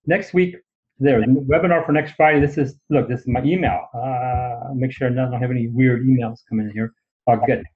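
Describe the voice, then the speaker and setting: A man's voice: mid-range voice, steady tone. Man, blunt, self-deprecating presenter. Lo-fi webinar audio. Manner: blunt, joking, halting restarts. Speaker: guest speaker.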